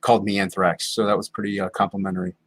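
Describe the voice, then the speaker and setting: A man from Ohio chatting as a guest on a livestream, easygoing and quiet. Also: low-pitched, little pitch movement, racing. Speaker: stream guest. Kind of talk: casual call-in chat.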